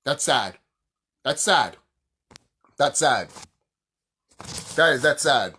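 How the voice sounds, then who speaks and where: A young YouTuber goes on a casual, heated rant about games, cursing freely and bursting into laughter. His pitch swings widely, from low grumbles up to excited highs, and he repeats himself to drive the point home.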